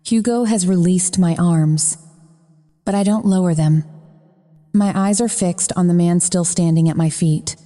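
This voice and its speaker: A woman's voice: lowish voice, a little slow, dark tone. A woman narrating a first-person romance audiobook in a frank, profane manner. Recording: long reverb.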